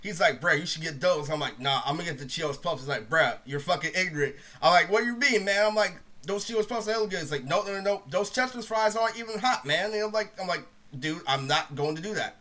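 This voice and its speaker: A young man telling a rambling, profane storytime monologue, saying "literally" constantly and dropping his voice low to quote other people. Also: expressive, quick pace, few pauses, pushed and bright. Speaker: storyteller vlogger.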